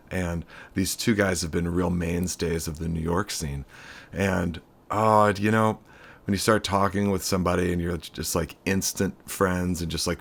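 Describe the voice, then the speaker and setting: A man hosting his own show speaks straight to a close camera in a low voice. His tone has a gravelly fry running through it. He rambles in an unscripted way, full of fillers and self-deprecating asides. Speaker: show host. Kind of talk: unscripted casual intro to camera. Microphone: webcam-style camera close up.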